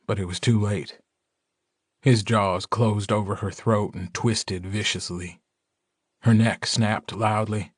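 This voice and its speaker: A low-voiced man narrating a fantasy audiobook in the first person. He reads slowly and dramatically. The recording is dry and close, with no room sound. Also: dry recording. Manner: measured, dramatic.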